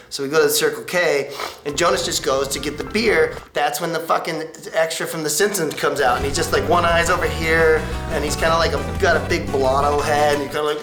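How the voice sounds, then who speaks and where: Animated, bright-voiced man telling a wild story. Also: on the high side, fairly quick. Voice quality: lively, acts out others' voices. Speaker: skateboarder recounting a road trip. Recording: echoey room with music behind.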